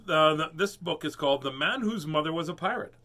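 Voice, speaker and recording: A man's voice: fairly high pitch, bright, forceful tone. A man hosting a casual livestream storytime, chatting playfully and joking while he reads a book aloud. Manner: playful, jokey. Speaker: storybook reader host.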